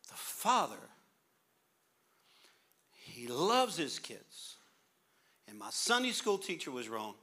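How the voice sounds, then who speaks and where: A man's voice: on the high side, takes it slowly, long pauses. A middle-aged man preaching a sermon, reading scripture and acting out funny little scenes with his kids. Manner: animated, humorous, acts out little scenes. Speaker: pastor.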